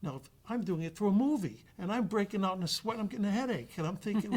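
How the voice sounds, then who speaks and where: Guy with a husky bit higher voice telling a story on a podcast, gets animated, restarts a lot. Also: fast. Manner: animated, acts out quoted voices, trails off and restarts. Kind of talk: casual storytelling.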